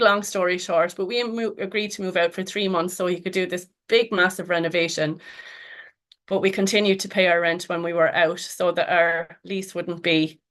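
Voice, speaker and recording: A woman's voice: lowish voice, a bit bright. A middle-aged Irish woman, a podcast guest, telling a long story in a chatty way with frequent laughs and fillers. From Ireland. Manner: chatty, laughs often, many fillers and restarts. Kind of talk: casual storytelling interview.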